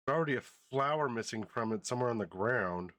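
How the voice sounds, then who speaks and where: A man's voice: mid-range voice, expressive, fast, fairly bright tone, dry recording. A man streaming a game from home, chatting casually and coaxing his dog. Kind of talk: casual chat while gaming.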